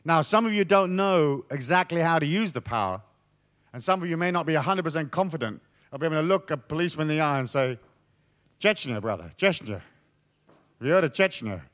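A man giving a swaggering, profane motivational talk, telling stories to an audience and dropping to hushed tones for emphasis. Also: a little high, fast. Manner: swaggering, profane, theatrical storyteller. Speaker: motivational speaker.

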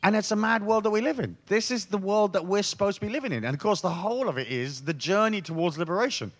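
A man's voice: high-pitched, expressive, fast, a bit bright. A middle-aged man, a spiritual speaker joking with a live audience in a profane, storytelling way. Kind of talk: irreverent talk to a live audience.

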